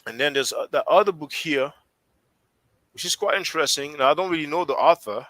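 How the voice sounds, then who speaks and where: French-accented male stream host, bright tone, thinks aloud with frequent restarts. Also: on the high side, fairly quick, dry recording, rough recording. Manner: rambling, restarts often while thinking aloud. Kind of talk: casual discussion on a live stream.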